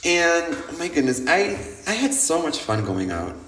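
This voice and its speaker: A man hosting a podcast, telling nightlife stories in a lively, casual monologue that is full of swearing, and acting out what other people said. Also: a little high, moderate pace. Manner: animated, swears freely, acts out quoted people. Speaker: podcast host. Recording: roomy echo.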